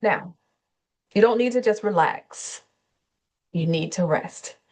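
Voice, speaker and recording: Woman therapist, low voice w a bit of fry, slow soothing wellness talk, off the cuff. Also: animated, darkish tone. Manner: slow, soothing, unscripted with small self-corrections. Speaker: therapist and channel host. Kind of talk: gentle wellness talk with guided breathing.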